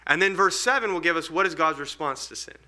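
A man's voice: a little high, quick pace, sharp tone. A man leading a group Bible study, earnest and explanatory, thinking aloud as he teaches.

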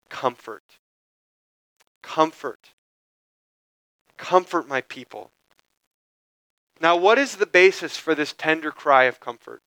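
A man, a pastor, preaching a sermon in a measured way, slowing down to stress key phrases. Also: fairly high pitch, pushed and bright, no echo, rough recording.

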